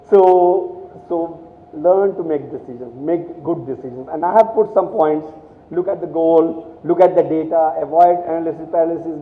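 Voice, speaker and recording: A middle-aged man from India tells stories to a room of students and acts out the dialogue as he goes. He stumbles and restarts often, and his voice sits high. The sound is thin and phone-like, and the hall echoes for a long time after each line. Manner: storytelling with quoted dialogue, many restarts. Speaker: guest speaker. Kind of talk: motivational talk to students. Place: college hall.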